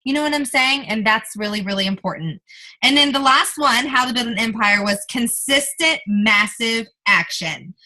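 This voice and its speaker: A woman's voice: a little high, expressive, moderate pace, bright, forceful tone, rough recording. A young woman giving an emphatic motivational training talk to her team, coaching and addressing listeners directly.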